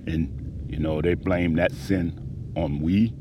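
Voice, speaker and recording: A man delivering a rhythmic spoken-word monologue about a personal grievance, profane and aggrieved, swinging between low mutters and loud outbursts. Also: normal speed, noisy background. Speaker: storyteller recounting a personal grievance.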